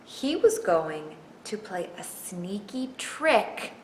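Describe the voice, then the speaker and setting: A woman librarian reading a picture book aloud to children, expressive and asking them questions. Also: medium pitch, slow. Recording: echoey room, faint background noise.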